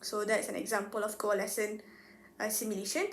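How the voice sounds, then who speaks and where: A young woman student giving a class presentation, chatty and relaxed, saying example words aloud to demonstrate them. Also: mid-range voice, brisk, a little hiss or hum. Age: young adult. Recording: echoey room.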